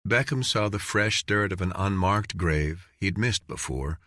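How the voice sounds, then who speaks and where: A man narrating an audiobook in an even, measured reading. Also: low-pitched, no echo, clean studio sound. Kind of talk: scripted narration.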